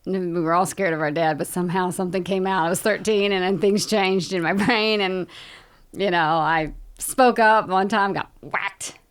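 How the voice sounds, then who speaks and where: A woman from Louisiana, a guest actress and producer, telling lively, chatty stories with frequent laughter in a casual interview. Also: lowish voice, normal speed, clear, resonant tone. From Louisiana, United States.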